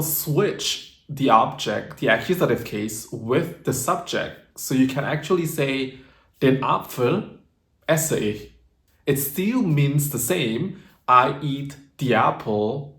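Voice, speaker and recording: A man's voice: mid-range voice, reverberant. A man giving a grammar lesson, explaining step by step and checking in with the listener. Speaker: language teacher.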